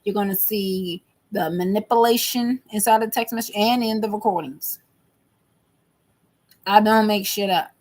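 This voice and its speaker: Thirtysomething woman ranting into her phone, keeps repeating herself, worked up, mid-pitched. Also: moderate pace, darkish tone. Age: 30s. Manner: emphatic, repetitive, agitated. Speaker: vlogger. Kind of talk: venting monologue to camera.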